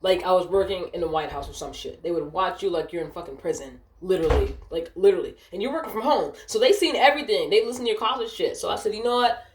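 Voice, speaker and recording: A young woman telling a casual storytime rant, animated and profane, acting out the people she quotes in a higher voice. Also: fast, few pauses, slight background noise. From Ohio, United States. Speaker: vlogger. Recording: echoey room.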